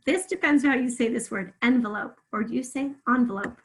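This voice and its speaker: A woman teaching a remote phonics lesson, patiently drawing words out slowly so listeners can hear each sound. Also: on the high side, rough recording.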